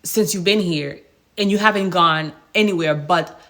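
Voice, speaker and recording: A woman nurse tells her followers a workplace story in a casual vlog. Her voice sits a little low, and she talks with animated exasperation, firing off rhetorical questions. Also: normal speed. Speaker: hospice nurse and vlogger.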